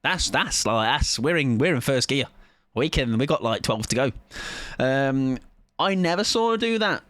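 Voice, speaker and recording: A man's voice: medium pitch, lively intonation, moderate pace, fairly bright tone, dry recording. A man, chatting casually with viewers as a game streamer in a playful, rambling, self-mocking way.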